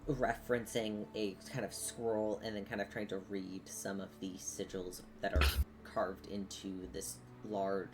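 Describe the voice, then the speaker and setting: A woman's voice: a bass voice, little pitch movement, unhurried, background noise. A woman narrating a tabletop game as game master, hesitant, with many ums and likes.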